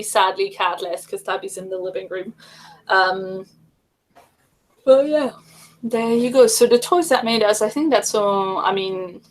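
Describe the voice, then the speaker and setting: A woman's voice: medium pitch, low-quality recording. Rambling woman hosting a chat stream. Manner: rambling, many fillers and restarts. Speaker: livestream host. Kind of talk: casual chat.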